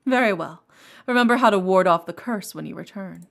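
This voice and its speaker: A woman voicing a formal, mysterious guide who addresses the player in a measured way. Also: medium pitch, gravelly, lightly acted.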